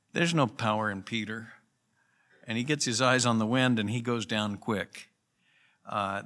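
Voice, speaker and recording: Man, pastor, sermon, conversational and earnest, crisp bright tone. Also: mid-range voice. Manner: earnest, conversational preaching with emphatic rises. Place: church.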